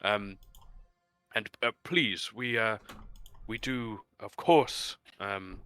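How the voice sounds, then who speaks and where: A man's voice: fairly low pitch, drawn-out words, fairly bright tone, clean tone. A man voicing a flustered, evasive male council member who stammers and hesitates. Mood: nervous, placating. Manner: hesitant, stammering, full of ums.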